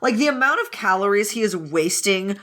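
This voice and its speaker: A woman co-hosting a podcast in casual chat, animated and laughing, who swears freely. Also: medium pitch, brisk. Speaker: podcast co-host.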